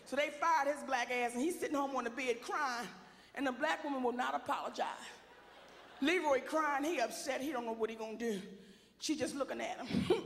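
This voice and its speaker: A woman working a stand-up crowd in a brassy, sassy style, her high voice roughened by gravel. She belts out her punchlines. The sound rings through a large, echoey hall. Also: normal speed, pauses often. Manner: brassy, bold and sassy, often shouting punchlines. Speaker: stand-up comedian. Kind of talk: stand-up comedy set.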